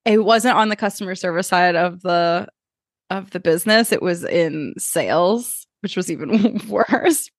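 A woman's voice: lowish voice, a little slow, no echo, clean studio sound. Wry woman co-hosting a chat podcast. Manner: wry, storytelling with quoted voices. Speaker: podcast co-host. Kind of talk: casual chat.

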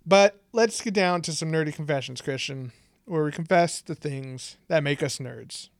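Chatty male podcast co-host, smooth voice. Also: on the high side, no room sound, studio quality. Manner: joking, chatty, quick asides. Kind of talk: casual chat.

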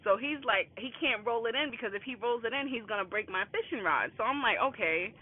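A young woman casually telling a funny childhood story, animated and slangy, laughing often. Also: fairly high pitch, fast talker, husky. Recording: tinny phone-quality audio with car noise.

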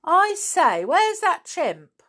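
A woman's voice: on the low side, animated, takes it slowly. A woman voicing a bold, eager circus boy in a storybook reading. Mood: curious.

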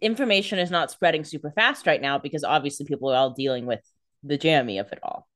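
A woman's voice: low voice, quick pace, fairly bright tone, no room sound, clean studio sound. A young woman co-hosting a casual recap podcast, joking and laughing often. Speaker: podcast co-host.

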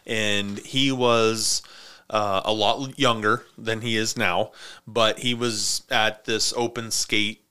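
A man's voice: on the low side, steady tone, takes it slowly, sharp tone, smooth. A man hosting a casual podcast from a small studio, joking and swearing freely as he rambles through stories. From Montana. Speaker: podcast host. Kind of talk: casual chat.

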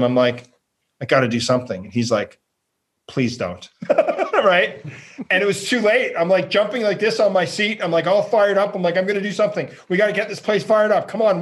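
A Canadian professional fan entertainer with a voice on the high side tells animated stories in an interview. He acts out quotes and laughs often.

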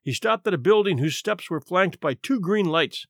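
Expressive male audiobook narrator. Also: high-pitched, dry recording, studio quality. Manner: expressive, measured storytelling.

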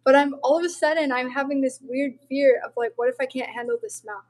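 High-voiced young woman telling a story. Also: a little fast, low-quality recording. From Montana, USA. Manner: animated storytelling full of "like". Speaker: guest. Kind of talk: personal testimony in casual chat.

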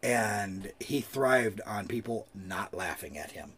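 A man's voice: on the low side, expressive, slow pace, fairly bright tone, breathy edge. A man co-hosting a podcast, telling loose, jokey stories in casual chat and swearing freely. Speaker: podcast co-host.

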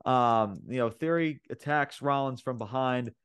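A man's voice: medium pitch, measured pace, a bit bright, smooth, no echo, studio quality. A man co-hosting a wrestling podcast, recapping a show in casual, profane chat full of fillers and laughs. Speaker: podcast co-host.

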